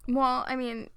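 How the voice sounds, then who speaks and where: A woman from Long Island with a fairly high voice chats on a podcast. She tells animated, joking stories and curses freely. Her delivery stays loose and conversational. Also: clear, resonant tone. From Long Island, New York. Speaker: podcast co-host. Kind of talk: casual chat.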